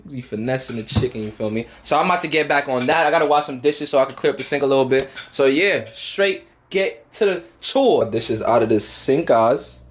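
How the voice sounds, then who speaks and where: A young man cooking in his home kitchen and talking to viewers, quick and slangy, often asking "you feel me". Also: mid-range voice. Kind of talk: casual cooking vlog.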